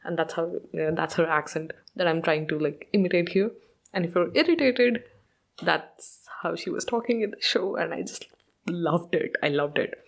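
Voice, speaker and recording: A woman's voice: low voice, animated, moderate pace. Chatty woman podcaster. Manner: chatty, mixes in Hindi, laughs often. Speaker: podcast host. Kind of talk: casual show review.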